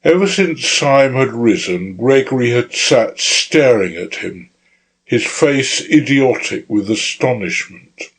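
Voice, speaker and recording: A man reading a classic novel aloud as an audiobook narrator. His pace is slow and unhurried, with a measured, deliberate delivery and a middle-range voice. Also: mid-range voice, animated, husky, rough recording. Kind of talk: scripted narration.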